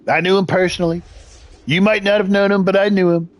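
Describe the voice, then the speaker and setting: A man's voice: high voice, level tone, a little fast, no room sound. A man streaming a game live, chatting casually and swearing freely between fits of giggles. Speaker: gaming streamer.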